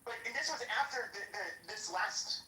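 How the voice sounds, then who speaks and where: A woman's voice: on the high side, normal speed, pushed and bright. A woman hosting, delivering a heated, profane, mocking call-out of a rival. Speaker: podcast host. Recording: roomy, distant, faint noise.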